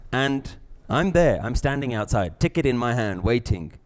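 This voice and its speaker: Guy teaching a room, acts stuff out, laughs a lot, mid pitch. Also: moderate pace. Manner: lively, acts out scenes and voices, laughs often. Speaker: spiritual teacher. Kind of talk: live lecture to a class.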